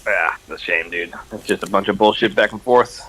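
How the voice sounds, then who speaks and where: A man's voice: lowish voice, fairly quick, sharp tone, slightly rough. A man in voice chat with a friend, giving short, casual, profane reactions.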